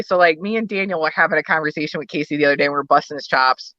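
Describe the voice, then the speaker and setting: A woman's voice: sits low, rapid-fire, pushed and bright, no room sound, lo-fi sound. A woman talking about her work as a wrestling booker and valet in a casual podcast interview, a chatty storyteller who laughs often.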